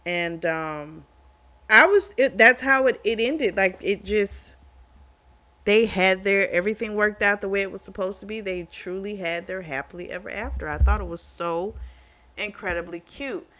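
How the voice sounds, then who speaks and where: A woman's voice: medium pitch, moderate pace, bright, forceful tone. A woman hosting her own book review channel, chatting casually through the plot with lots of "like" and "you know".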